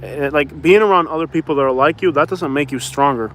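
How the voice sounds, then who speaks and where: This man's voice is a little high, quick, and fairly bright, with a slight hiss or hum in the recording. He's a vlogger from Miami, Florida, chatting to camera in a loose, joking way, calling his viewers y'all and drifting between thoughts.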